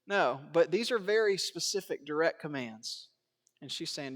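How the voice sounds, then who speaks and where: A man preaching a sermon in a church, swinging between hushed asides and raised emphatic lines, chuckling and asking rhetorical questions. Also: on the high side, moderate pace, big-room sound. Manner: acts out biblical quotes in character voices. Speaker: pastor. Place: church sanctuary.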